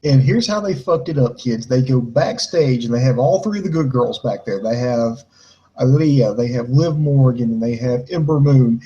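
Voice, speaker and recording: A man's voice: medium pitch, animated, normal speed, warm tone, muffled recording. A man giving a heated, mocking wrestling show review in casual podcast talk, ranting and mimicking the people he criticizes.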